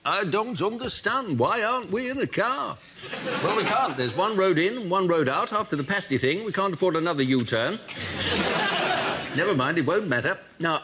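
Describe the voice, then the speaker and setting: A man's voice: on the high side, lightly acted. A man doing a flustered prime minister. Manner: flustered, hammy, stammering. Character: bumbling posh male prime minister, middle-aged. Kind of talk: improvised comedy sketch. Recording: noisy studio with audience laughter.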